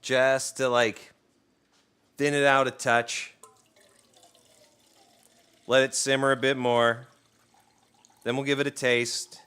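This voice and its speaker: A man's voice: medium pitch, level tone, slow, long pauses, sharp tone, clean tone. A man live-streaming while he cooks, chatting casually with viewers, telling jokey stories and teasing his dog. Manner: loose, joking storyteller who talks to his dog. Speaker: cooking streamer.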